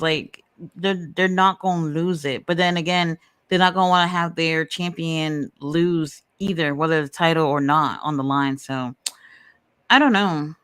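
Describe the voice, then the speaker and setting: A woman host chatting casually about wrestling in a smooth, clear voice, animated and blunt, cursing now and then. The sound is dry and close with no room around it. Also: lowish voice, moderate pace, dry recording. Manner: animated, blunt, swears freely. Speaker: podcast host.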